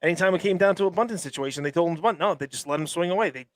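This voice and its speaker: A man's voice: sits high, very fast, no echo. A man co-hosting a sports podcast, arguing his points emphatically with frequent restarts. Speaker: podcast co-host. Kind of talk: casual sports chat.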